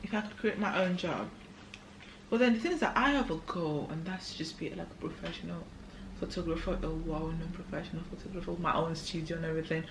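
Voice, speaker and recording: A tipsy young woman co-hosting a casual drinking chat, telling stories in an animated way with laughs. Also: on the low side, fast. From Africa. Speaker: co-host. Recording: echoey room, noisy.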